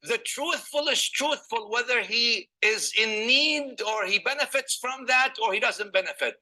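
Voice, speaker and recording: A man's voice: very high-pitched, lively intonation, a little slow, bright, forceful tone, poor audio. A man preaching a sermon, telling stories and reciting Arabic scripture between English explanations, often asking the listeners rhetorical questions. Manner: asks the audience rhetorical questions.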